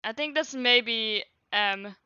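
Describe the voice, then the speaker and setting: Woman streamer, lively reader with chatty asides, bright crisp voice, dry and a little lo-fi. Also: fairly high pitch, slow pace, dry recording. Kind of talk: reading a childhood journal aloud on a livestream. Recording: dull lo-fi stream audio.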